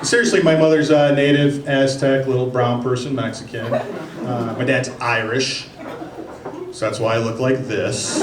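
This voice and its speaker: A man performing a stand-up comedy set with a dry, offhand delivery and pauses for punchlines. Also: mid-range voice, heavy background noise. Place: comedy club stage. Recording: echoey club recording from a distance. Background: loud audience laughter.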